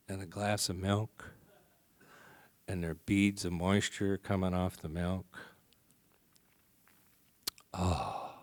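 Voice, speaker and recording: A soft-spoken man from the American Midwest telling a wry personal story to a conference audience. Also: fairly low pitch, clear, resonant tone, dry recording. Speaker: recovery meeting speaker. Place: conference hall before a live audience.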